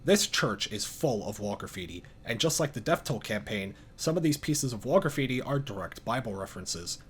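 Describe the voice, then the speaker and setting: A man narrating video game lore in a calm, dry scripted style with casual swearing. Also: mid-range voice, moderate pace.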